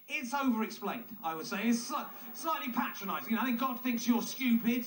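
A man with a very high, bright voice delivers a sarcastic, mocking comedic monologue. He nitpicks as he goes. The voice is heard from a distance in an echoey room with faint noise. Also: expressive, a little fast.

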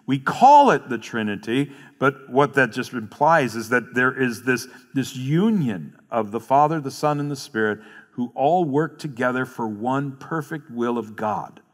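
A man with a mid-range voice preaches a sermon as a pastor, earnestly explaining verses and repeating key phrases. His intonation is lively and his pace measured. The recording comes from a church sanctuary with long hall reverb.

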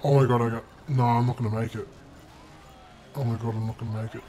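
A man's voice: medium pitch, fairly even intonation, quick pace, long pauses, mellow. A young man commenting on his own gameplay footage, exasperated and swearing constantly as he hurls insults at himself. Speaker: gaming video creator.

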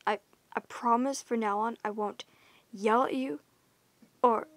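A woman voicing a remorseful young boyfriend in a whispered role-play, talking in a hushed, apologetic way with some swearing. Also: on the high side, steady tone, unhurried. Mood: soothing. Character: remorseful young boyfriend, jealous, hot-tempered.

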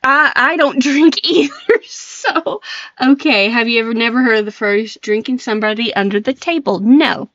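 Giggly woman streamer, casual stream chat, bright forward tone, fairly high voice. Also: normal speed, few pauses, no echo, muffled recording. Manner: giggly, flustered, laughs often.

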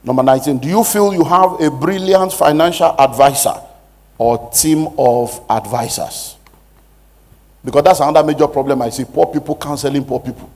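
A man's voice: fairly high pitch, moderate pace, a little mellow. A man who is a pastor, giving a preaching-style money lecture with emphatic rhetorical questions. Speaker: pastor teaching a money seminar.

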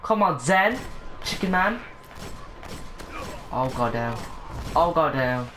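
Excitable gamer woman, squealing. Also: slow, slight background noise. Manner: excitable, bursts into high squeals and swearing; repeats catchphrases to viewers. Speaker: gaming channel host. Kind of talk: live gameplay commentary.

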